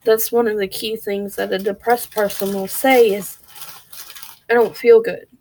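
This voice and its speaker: A woman's voice: mid-range voice, steady tone, a little slow, a little mellow, slight background noise, poor audio. A woman vlogging candidly and earnestly, speaking straight to her viewers. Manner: earnest, open, talks to viewers directly. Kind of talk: candid personal vlog.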